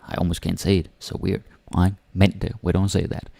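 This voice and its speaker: A man with a Danish accent teaching pronunciation, speaking slowly and repeating each word for the learner. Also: deep voice, level tone, vocal fry, dark tone, dry recording. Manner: slow, repeating words for the learner. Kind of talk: pronunciation lesson.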